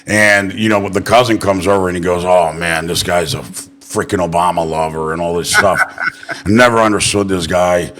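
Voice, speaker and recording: A man's voice: deep voice, steady tone, moderate pace, fairly bright tone. A man hosting a political interview show, chatting loosely and telling profane stories with acted-out quotes. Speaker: podcast host. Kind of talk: casual political interview chat.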